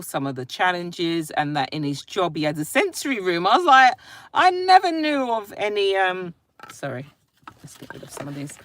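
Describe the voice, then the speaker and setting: An adult woman, a mother, hosts a casual phone live stream, greeting viewers by name and reading their comments in free-flowing chat. Her voice is low-pitched and a bit bright, with no echo.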